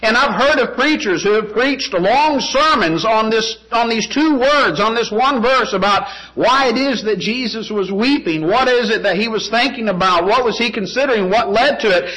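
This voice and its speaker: A man's voice: very high voice, expressive, normal speed, hardly any pauses, bright, forceful tone, low-quality recording. A man preaching a sermon, emphatic, with rhetorical questions and repeated phrases.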